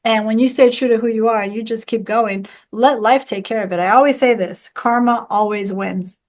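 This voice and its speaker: A woman's voice: on the high side, normal speed, a little mellow. A woman guest in an interview, speaking in an upbeat, emphatic motivational manner. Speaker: author guest. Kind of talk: conversational interview.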